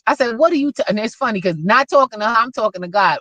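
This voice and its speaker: Woman host, folksy and animated, lively pitch, dry close sound. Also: fast talker, no room sound. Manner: animated storytelling, acts out quoted dialogue; folksy, addresses listeners as y'all. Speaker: podcast host. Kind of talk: casual chat.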